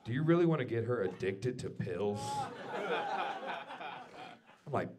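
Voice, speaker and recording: Swearing stand-up comic ranting on stage. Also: male voice, expressive, measured pace, pauses often, a crowd in the background. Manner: storytelling, swings from low and quiet to loud ranting outbursts; swears freely. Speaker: stand-up comedian. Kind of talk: stand-up comedy set. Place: comedy club stage before a live audience.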